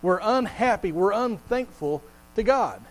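A man preaching a sermon to a congregation in a conversational way, repeating words as he goes and slowing down to stress scripture quotes. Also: high voice, lively intonation, rough recording. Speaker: pastor.

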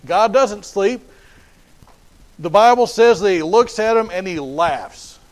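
Man, high voice, sermon, emphatic, repeats and restarts phrases. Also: animated, takes it slowly, rough recording. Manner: emphatic and repetitive, with frequent restarts. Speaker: preacher.

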